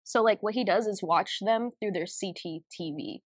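A young woman in her twenties co-hosts a casual podcast, telling stories with lots of fillers and restarts. Her voice sits at a middling pitch. The recording is dry and close, with no room sound. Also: moderate pace, slightly rough, no room sound. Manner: animated storytelling with many fillers and restarts. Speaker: podcast co-host. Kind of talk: casual chat.

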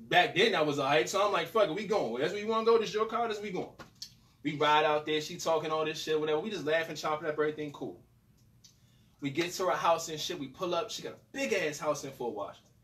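A man's voice: fairly high pitch, quick pace, a bit bright. A young man hosting a podcast, telling a profane story in casual slang and acting out both sides of the dialogue. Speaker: podcast host. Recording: distant mic with faint noise.

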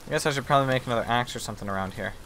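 A man's voice: mid-range voice, racing, fairly bright tone, slight background noise. A young man giving casual, self-mocking commentary as he plays a survival game. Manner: chatty, self-mocking, mock apologetic to game animals. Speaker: gaming video host.

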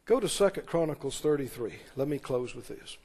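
A man preaching a sermon as pastor, retelling scripture with animated, dramatic delivery. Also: mid-range voice, brisk, husky, big-room sound.

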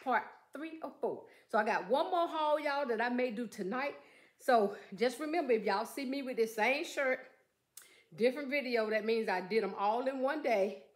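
A woman vlogger chatting excitedly about her shopping haul and calling out to her viewers as she goes. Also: a little high, moderate pace, a little hiss or hum. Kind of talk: casual haul vlog chat. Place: room at home. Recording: echoey room.

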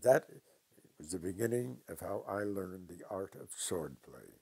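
An older man from New York telling stories from his past slowly and with dry humor in an interview. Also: low voice, lively intonation, gravelly, mellow, husky. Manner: slow, deliberate anecdotes with dry humor. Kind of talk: storytelling interview.

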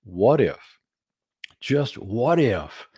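A man's voice: medium pitch, sing-song, extremely slow, dark tone, husky, no room sound, clean studio sound, heavily acted. A man voicing a group of dim talking dinosaurs in a joke, told playfully and mock-earnestly to a live audience. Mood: joking.

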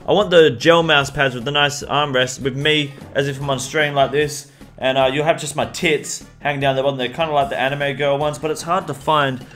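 A man's voice: fairly high pitch, steady tone, brisk, a bit bright, faint music behind. A man hosting a casual game news vlog, talking crudely and swearing freely. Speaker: host.

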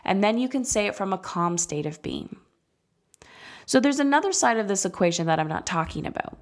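A woman in her thirties talks through a solo parenting podcast in a candid, conversational way. She slows down and leans on the words she wants to stress. Her voice sits at an ordinary middle pitch. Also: animated. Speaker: podcast host and parenting coach.

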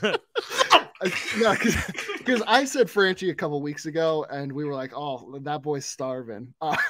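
A man's voice: on the high side, expressive, moderate pace, fairly bright tone, slight background noise. A man co-hosting a podcast in casual chat, easygoing and chiming in. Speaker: podcast co-host.

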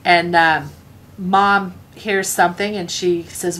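A woman with a Scottish accent tells an old family story in a relaxed, conversational way. Her voice sits a little low, and she laughs as she acts out her relatives' lines. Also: slow. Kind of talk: casual spoken family anecdote.

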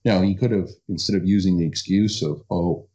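A man's voice: low-pitched, brisk, dark tone. A man giving an interview in a casual, skeptical way, often stumbling and repeating words. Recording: dull lo-fi recording.

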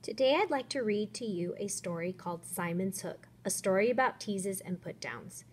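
A woman who teaches fourth grade, reading a picture book aloud to children in a gentle, clear storytelling manner. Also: mid-range voice, a little hiss or hum.

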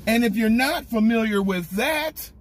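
A young man hosting a casual snack review vlog, ranting in an excitable, animated way. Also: extremely high pitch, measured pace, very noisy.

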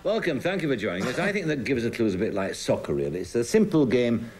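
A man's voice: mid-range voice, very animated, fast, over loud music. A man hosting a television game show, making dry jokes while introducing rounds before a studio audience.

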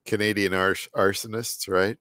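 A man with a lowish, scratchy voice talks through a painting live stream at normal speed, his delivery pushed and bright with little pitch movement. The studio-quality audio has no echo, and he rambles, mutters to himself, and drops sentences halfway.

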